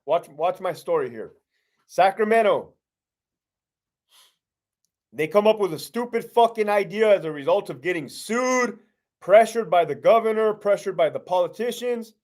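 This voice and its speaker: A middle-aged man with a fairly high voice hosts a loose live-stream Q&A, reading out viewers' questions one after another. He answers bluntly, swears freely and slips into streetwise slang, the way a former prison lieutenant talks off the clock.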